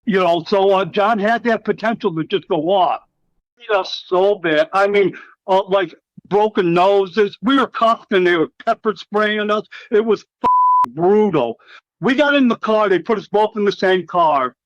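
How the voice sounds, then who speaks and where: A middle-aged former wrestler with a fairly high voice rambles through profane war stories, acting out what others said. He is recorded dry, with a slightly dull sound. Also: unhurried, no echo. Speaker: interview guest, former wrestler. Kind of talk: casual storytelling interview.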